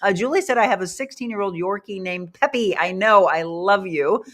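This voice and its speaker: A woman's voice: mid-range voice, moderate pace, fairly bright tone. A woman hosting a casual live-streamed talk show, bubbly and laughing often as she reads out viewer comments.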